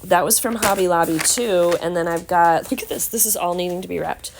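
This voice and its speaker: A woman with a Southern American accent and a hoarse, scratchy voice, chatting casually and rambling to her camera at home. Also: fairly low pitch, a little fast. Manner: chatty, rambling with many fillers. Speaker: vlogger. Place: home, indoors.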